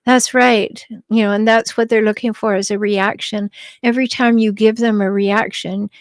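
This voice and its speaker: Calm advising woman, dry close mic. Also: medium pitch, normal speed, no echo. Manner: calm, advising, light laughs, some restarts. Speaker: podcast host and relationship advisor. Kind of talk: answering listener questions, podcast advice.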